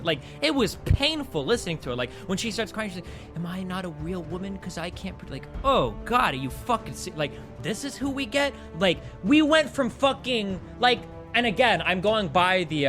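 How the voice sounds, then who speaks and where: A young man with a high voice that swings widely in pitch tears into a film during a live stream. He talks heatedly, swearing freely and restarting his sentences as he vents. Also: a bit bright. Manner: profane, heated, ranting. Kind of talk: live stream movie rant.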